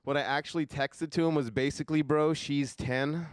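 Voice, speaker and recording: A young man doing a stand-up comedy set on a live stage, deadpan, dropping his voice low for asides. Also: moderate pace, smooth, no echo.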